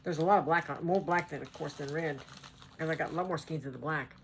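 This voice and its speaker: This Southern-accented cross-stitch vlogger from North Carolina talks quickly in a low voice, chatting casually at home with plenty of rambling and laughter. A faint hiss or hum sits under the recording.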